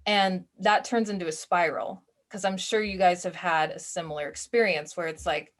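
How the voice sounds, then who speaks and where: In a relaxed, conversational online class on self-awareness, a woman speaks in a lowish voice at a moderate pace with few pauses. She uses casual fillers and slips into short acted-out snippets of her inner voice.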